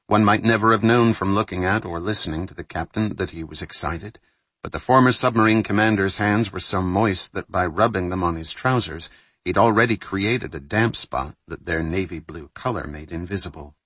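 A man reading a thriller novel aloud in measured, scripted audiobook narration. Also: sits low, fairly bright tone, husky, no room sound.

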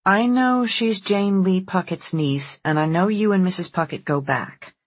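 An audiobook reader voicing a placid, caring mother, calm and gently firm. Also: mid-range voice, unhurried, slightly rough, pitched above the performer's own voice. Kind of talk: audiobook character voice.

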